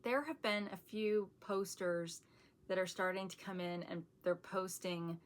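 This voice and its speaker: A woman's voice: mid-range voice, measured pace. A middle-aged woman chatting casually on her channel as she shows off a shopping haul, rambling and laughing often, and calling herself sarcastic. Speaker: vlogger showing a shopping haul.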